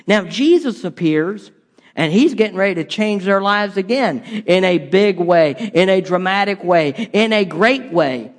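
Male pastor, high voice, chatty sermon with asides, long hall echo. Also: animated, measured pace. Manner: conversational preaching with repeated rhetorical questions and stumbles.

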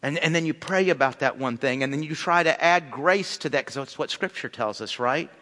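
Man, pastor, lively conversational sermon, high bright voice, long hall reverb. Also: a little fast. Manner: animated, conversational preaching with acted-out asides. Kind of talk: sermon on marriage.

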